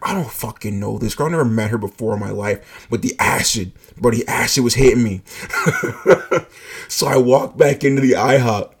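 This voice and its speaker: Husky and medium in pitch, this man's voice holds a normal speed. He casually shares a personal story, cursing freely, saying "like" constantly and laughing along.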